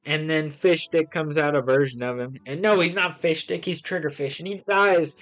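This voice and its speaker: A man casually reviewing comics on a live stream, excitable and rambling with lots of ums and restarts. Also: fairly high pitch, normal speed, few pauses, faint music behind, rough recording.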